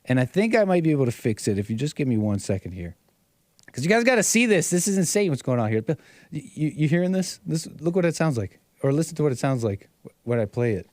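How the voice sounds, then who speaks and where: A man's voice: on the high side, big pitch swings, quick pace, a little mellow, dry recording. Chuckling, rambling livestream host, a man. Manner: rambling, repeats phrases, chuckles often. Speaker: host of a call-in livestream show. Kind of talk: casual talk-show commentary.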